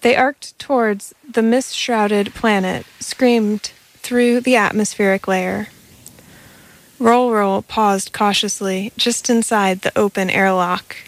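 A woman's voice: mid-range voice, rough recording. A woman reading a science fiction story aloud in a plain way, with occasional stumbles. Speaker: narrator.

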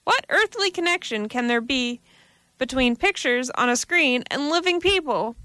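A woman voicing a sharp, impatient man demanding answers from his friend in a read-aloud story. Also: high voice, lively intonation, moderate pace, no echo, pitched above the performer's own voice.

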